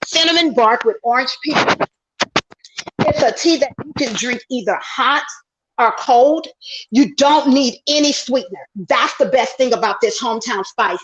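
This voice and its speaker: A woman with a Southern Texas accent, enthusiastically presenting her tea products in a chatty live demo over an earpiece. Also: rough recording. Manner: exuberant, chatty, sales pitch. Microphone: earpiece, livestream.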